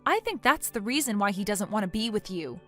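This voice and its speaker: A synthetic woman's voice reading a text-message story in a cold, firm and measured way. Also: medium pitch, expressive, pushed and bright, soft background music.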